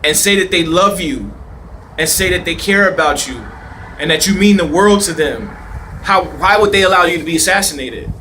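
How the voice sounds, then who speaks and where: A man's voice: fairly high pitch, normal speed, pushed and bright, a little hiss or hum. A man giving rambling, emphatic off-the-cuff commentary outdoors, with a preachy tone and rhetorical questions. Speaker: video commentator. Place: outdoors in a city park.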